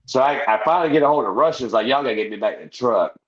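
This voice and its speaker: A man's voice: mid-range voice, lively intonation, rapid-fire. A man, a veteran guest on a podcast, telling a long rowdy anecdote with lots of swearing and laughing asides. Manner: profane, rambling anecdote with laughs. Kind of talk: casual storytelling. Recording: roomy, slightly dull sound.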